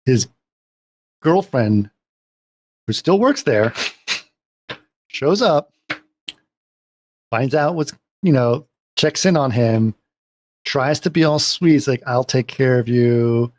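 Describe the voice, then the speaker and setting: A man's voice: fairly high pitch, expressive, slow, long pauses, a little hiss or hum. A man on a podcast recapping a film scene by scene in casual chat, rambling along and checking in with "right?".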